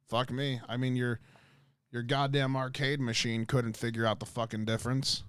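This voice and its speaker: A man's voice: mid-range voice, normal speed, clean tone, dry recording. A man livestreaming, telling a rambling story to his chat with lots of swearing, fillers and restarts.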